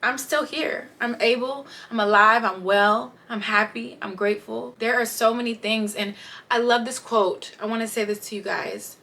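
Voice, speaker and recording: A woman's voice: on the high side, steady tone, normal speed, sharp tone. A young woman giving a candid, chatty life update, talking straight to her viewers. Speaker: vlogger. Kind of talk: casual sit-down life update.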